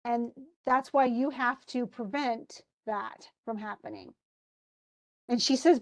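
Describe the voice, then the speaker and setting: This woman's fairly high voice stays fairly even in intonation, and she takes her time. As a literature teacher lecturing on a play scene, she reads the quoted dialogue aloud, restarting now and then and adding asides between her explanations.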